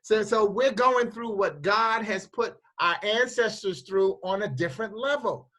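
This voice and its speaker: A woman hosting a casual inspirational chat who tells animated stories, often repeating her words and laughing while she tells them. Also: medium pitch, a little slow, low-quality recording. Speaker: host.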